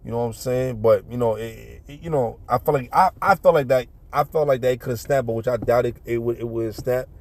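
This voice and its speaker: A man's voice: medium pitch, fairly quick, hardly any pauses. A middle-aged man, casually telling a street story and acting out punches with sound effects. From New York City.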